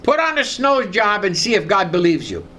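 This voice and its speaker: A man's voice: sits high, wildly swooping pitch, normal speed, sharp tone, slight background noise. A man preaching a sermon, telling a personal story and leading the congregation in repeating lines. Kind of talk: sermon with call and response.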